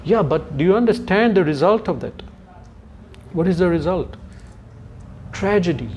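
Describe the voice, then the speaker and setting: A man lecturing on scripture to a youth audience, his voice pitched somewhat above the usual male range. He talks like he's telling stories, stopping now and then to hunt for a word or to check in with his listeners. A faint hiss runs under the recording. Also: expressive, moderate pace, darkish tone. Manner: conversational storytelling with asides to listeners; searches for words mid-sentence. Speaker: spiritual lecturer.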